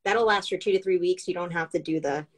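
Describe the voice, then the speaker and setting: A woman's voice: on the low side, quick pace. A woman chatting casually as co-host, upbeat and bubbly with lots of filler words. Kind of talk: casual chat.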